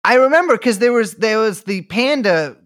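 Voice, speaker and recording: A man's voice: high-pitched, animated, moderate pace, fairly bright tone, clear, resonant tone, no room sound, clean studio sound. Guy podcast cohost, jokey and sarcastic, voice swings around a lot. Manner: joking, sarcastic. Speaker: podcast co-host. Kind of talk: casual podcast chat.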